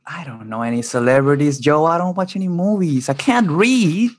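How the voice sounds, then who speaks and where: A woman's voice: sits low, lively intonation, normal speed. A woman playing a stream game as a guest, nervous and self-deprecating. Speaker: guest player. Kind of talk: casual comedic banter.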